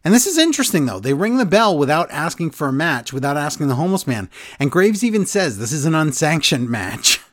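A man's voice: a little high, quick pace, few pauses, no room sound. Chatty man recapping in a dry room. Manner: animated storyteller, quotes people in funny voices. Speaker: podcast co-host recapping wrestling. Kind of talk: casual chat.

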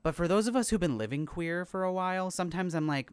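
A podcast co-host from the US Midwest in casual chat, wry and quick to laugh. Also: medium pitch, clear, resonant tone, no echo.

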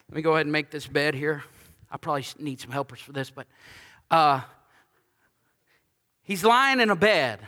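A man preaching a sermon as pastor, conversational and lively, with humorous asides and repeated lines for emphasis. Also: fairly high pitch, in a large hall.

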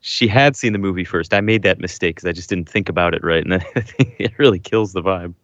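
Low-pitched excitable male co-host, dry muffled mic. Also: a little fast, no room sound. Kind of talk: casual chat. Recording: dull, dry lo-fi sound.

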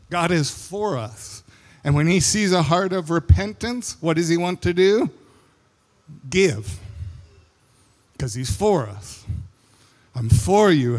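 A middle-aged male pastor gives a sermon in a church hall, and his voice carries a long reverb. He speaks slowly and deliberately in a somewhat high voice. He tells family stories, acts out the quotes and laughs along with them.

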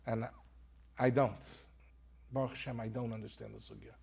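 A man's voice: mid-range voice, steady tone, normal speed, gravelly, darkish tone, husky. A man, an author and rabbi, telling a story earnestly in conversation and peppering it with Hebrew terms. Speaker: author guest.

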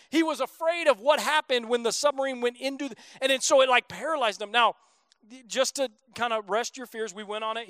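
A man's voice: very high-pitched, a bit bright, clear, resonant tone, dry recording. A man in his thirties preaching a sermon as a pastor, in a casual, joking, conversational way.

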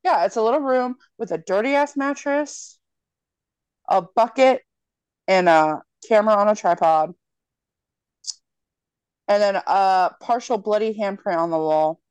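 Casting: young woman, podcast co-host, lively storyteller who swears freely, dry close sound. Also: medium pitch, measured pace, pauses often, clean tone, no room sound. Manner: animated storyteller, swears freely, acts out lines. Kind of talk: casual chat, retelling a horror movie.

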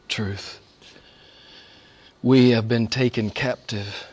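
A male pastor preaches a sermon conversationally, adding chuckled asides, sinking to hushed whispers and climbing to loud, emphatic peaks. His voice is on the high side at normal speed.

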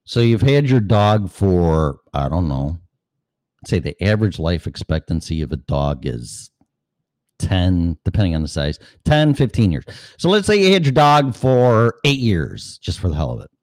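Brief: low-voiced male host, profane and chatty, dry close-up sound. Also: very animated, a little slow, darkish tone, no room sound. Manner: profane, conversational, asks rhetorical questions. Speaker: show host. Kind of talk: casual rambling monologue.

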